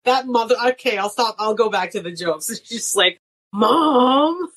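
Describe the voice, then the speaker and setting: A woman's voice: mid-range voice, fairly quick, breathy edge. A woman in her thirties, a comedian and nurse, chatting casually as a guest, laughing often and acting out quoted voices. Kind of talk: casual chat.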